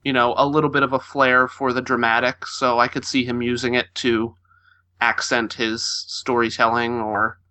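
Bright-voiced player, musing aloud. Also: male voice, mid-range voice, little pitch movement, moderate pace, clear, resonant tone. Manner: thoughtful, fillers and hedging. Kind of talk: describing his character's item, casual.

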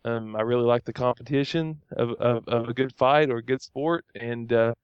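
A man voicing a huge, quick-tempered male Goliath warrior in a tabletop role-play, talking haltingly with many fillers and restarts. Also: mid-range voice, clean tone, no echo, lo-fi sound, lightly acted. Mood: rambling.

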